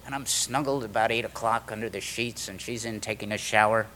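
A middle-aged man with a lowish voice briskly recounts a recovery story to a meeting, bringing it to life by imitating the people he quotes. A little hiss or hum can be heard.

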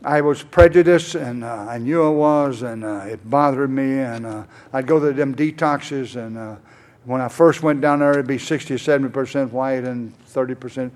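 A man's voice: mid-range voice, normal speed, a little mellow. An older man tells his own recovery story from a conference stage. His talk is folksy and wandering, thick with "uh"s. He slips into the voices of the people he talks about. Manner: rambling, folksy, many "uh"s, acts out both sides of conversations. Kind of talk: personal testimony storytelling. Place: conference hall.

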